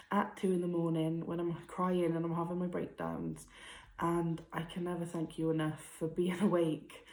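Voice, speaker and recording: A young woman talks in a heartfelt vlog, her voice sitting a little low for a woman. She sounds close to tears at times and laughs softly between thoughts. The room around her rings with echo. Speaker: vlogger. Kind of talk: emotional personal vlog. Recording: echoey room.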